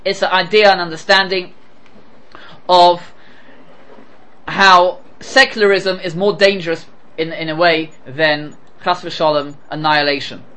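Animated man teaching a Talmud lesson. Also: a little slow, long pauses, poor audio. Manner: animated, rising pitch on questions and quotes. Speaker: Torah teacher.

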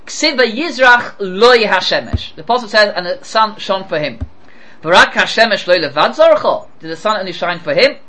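Animated man teaching a Talmud lesson. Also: moderate pace, a little hiss or hum, low-quality recording. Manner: animated, rising pitch on questions and quotes. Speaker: Torah teacher.

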